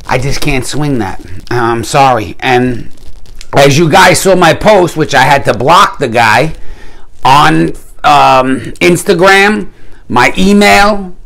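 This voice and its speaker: A man's voice: a little high, slow pace, creaky, fairly bright tone. A man hosting his own gear channel, talking casually and animatedly to camera, venting in a rant and then showing off knives with slangy enthusiasm. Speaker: YouTube gear channel host.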